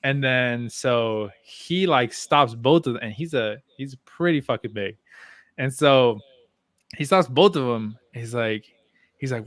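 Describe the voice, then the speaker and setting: Young male podcast co-host, relaxed storyteller, profane, dead-dry room. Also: medium pitch, moderate pace, no echo. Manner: laid-back, laughs while telling stories, swears freely. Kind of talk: casual chat, storytelling.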